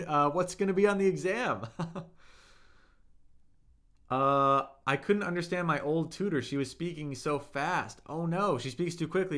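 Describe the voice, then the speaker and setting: Reading viewers' chat messages aloud, a young man coaches Mandarin learners during a livestream with excited, high-energy enthusiasm. His voice runs a little high and has a fairly bright tone.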